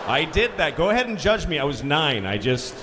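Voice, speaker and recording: A middle-aged man doing a stand-up comedy set, telling a story with lively delivery, acting out voices and swearing freely. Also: on the high side, a little fast. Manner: animated storytelling, acts out voices, swears a lot. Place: large theater stage. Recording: live hall recording with reverb and audience noise.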